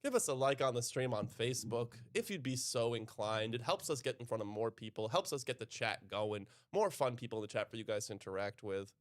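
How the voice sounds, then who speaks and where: A man's voice: medium pitch, lively intonation, a little fast, few pauses. A man from New York with an American accent, commentating live poker in a laid-back, easily amused way. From New York City.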